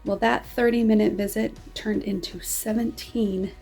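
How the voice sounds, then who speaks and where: A woman's voice: mid-range voice, measured pace, vocal fry, a little mellow, faint music behind. Chatty woman vlogging to her viewers. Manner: enthusiastic and chatty. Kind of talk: casual talk to viewers.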